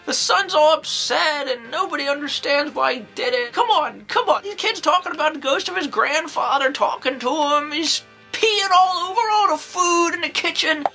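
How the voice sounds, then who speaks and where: A woman playing an eccentric, excitable old nun who reviews horror movies, rambling along with folksy exclamations. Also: high-pitched, full character voice. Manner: rambling, folksy exclamations, jumps into acted quotes. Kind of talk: in-character comedic movie review.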